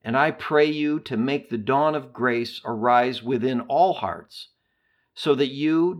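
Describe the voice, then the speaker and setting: A man's voice: medium pitch, lively intonation. A man reading a devotional meditation aloud in a solemn, prayerful way. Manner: slow, solemn and measured. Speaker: reader of a devotional text.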